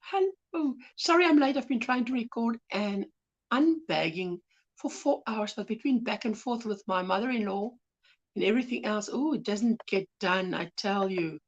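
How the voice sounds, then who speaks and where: A soft-spoken woman with a South African accent, hosting a casual crochet livestream, greeting viewers affectionately and reading their comments. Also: medium pitch, moderate pace, lo-fi sound. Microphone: phone.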